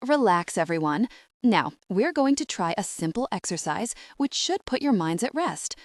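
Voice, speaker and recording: A woman's voice: mid-range voice, big pitch swings, moderate pace, no echo, studio quality, lightly acted. A woman voicing a firm, bossy female antenatal teacher in an audiobook. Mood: instructive. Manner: firm, instructive.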